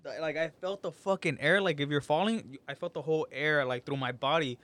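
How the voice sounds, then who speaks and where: A man's voice: on the high side, brisk, a bit bright. A young man in casual podcast chat, telling a story with lots of slang and swearing and acting out what people said.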